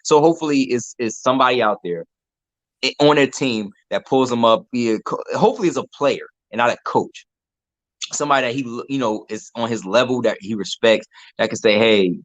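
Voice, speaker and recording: A man of middling pitch talks sports casually, with a dry, close sound. He stays relaxed, repeats words as he works out a thought, and laughs easily. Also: no echo.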